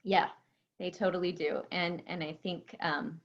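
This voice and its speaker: A woman hosting an interview, who speaks in a reflective, measured, soft way. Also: lowish voice, fairly even intonation. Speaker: podcast host. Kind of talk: interview talk. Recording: dull lo-fi audio.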